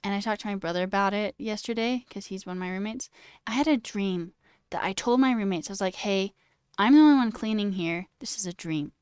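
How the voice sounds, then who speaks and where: A woman's voice: medium pitch, fast, smooth, no room sound, clean studio sound. A woman in her twenties chatting casually on a livestream, ranting with lots of "like" and swearing. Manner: chatty, animated rants, says "like" a lot, swears. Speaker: coding livestreamer. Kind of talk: casual chat while reading stream chat.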